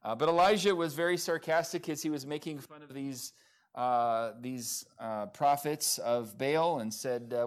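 A man's voice: mid-range voice, fairly even intonation, normal speed, clear, resonant tone. A man preaching a sermon at a church service, talking in a conversational way with many fillers and restarts. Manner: conversational, many fillers, self-described sarcastic. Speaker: pastor. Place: church in Oklahoma.

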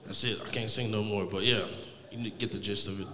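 A man in his late twenties doing a stand-up set, laid-back and rambling, heavy on profanity and a little high. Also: fairly even intonation, quick pace, sharp tone, in a large hall, slight background noise. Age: 20s. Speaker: stand-up comedian.

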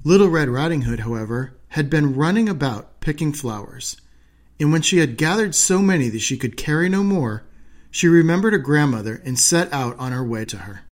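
A man reading a fairy tale aloud in an expressive storytelling manner. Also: on the high side, normal speed. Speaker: narrator.

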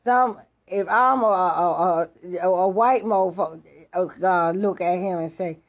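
Blunt, profane woman talking slowly over a speech clip, cutting in to push back. Her voice comes through a dull, lo-fi phone recording. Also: on the low side. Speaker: podcast host reacting to a speech. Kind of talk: casual reaction commentary. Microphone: phone voice message. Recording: dull lo-fi voice message audio.

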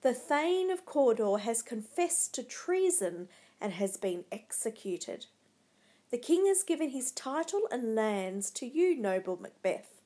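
A woman's voice: on the high side, very animated, measured pace, mellow. A woman voicing a male royal herald who announces news in a formal, ceremonious way. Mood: proclaiming.

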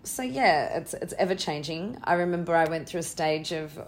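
A middle-aged woman talking as an interview guest about spiritual practice, earnest and soft-spoken, slowing down to stress her points. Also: deep voice, lively intonation. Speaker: interview guest, tantra teacher. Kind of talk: casual spiritual conversation. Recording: faint background noise.

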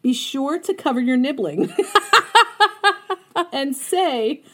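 A woman's voice: high-pitched, expressive, drawn-out words. Giggly woman co-hosting a podcast. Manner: giggly, reads aloud with frequent laughter. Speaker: podcast co-host. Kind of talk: casual chat.

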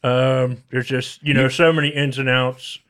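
A man's voice: medium pitch, little pitch movement, a little slow, a bit bright, clean tone. A brusque man with a mid-range voice plays a bossy attendant in an improvised comedy scene. He snaps orders curtly and keeps everyone in line. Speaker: improv performer.

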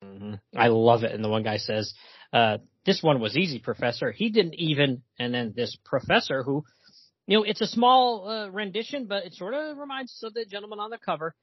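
A man's voice: high voice, animated, brisk, no echo, muffled recording. A man co-hosting a comics podcast in casual chat, talking in a hesitant, chatty way with many fillers.

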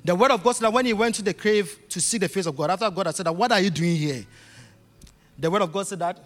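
A man's voice: high voice, quick pace. A man preaching a sermon with emphatic, repetitive phrasing that swells into bursts. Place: church hall. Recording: reverberant hall with faint music.

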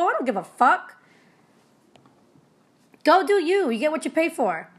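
A young adult woman, an energy healer and business owner, giving a casual motivational monologue in a blunt, profane, animated storytelling way. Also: sits high, moderate pace, long pauses.

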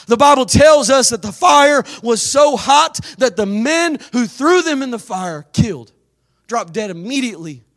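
A pastor with an unusually high voice for a man, preaching a sermon. He exhorts his listeners emphatically and breaks into dramatic, fervent bursts. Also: expressive, measured pace, a bit bright.

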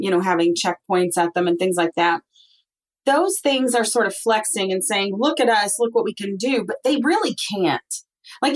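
A woman guest on a podcast, talking casually and agreeing often in a relaxed way. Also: medium pitch, poor audio. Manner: relaxed, frequent agreeing backchannels. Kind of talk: casual conversation.

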